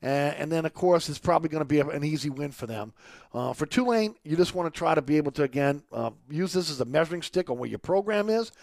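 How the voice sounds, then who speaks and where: A man's voice: a little high, animated, quick pace, darkish tone, dry recording. A man hosting a sports radio show, talking casually and reading ads with fillers and restarts. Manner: chatty, salesy, lots of fillers and restarts. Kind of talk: casual sports talk and live ad reads.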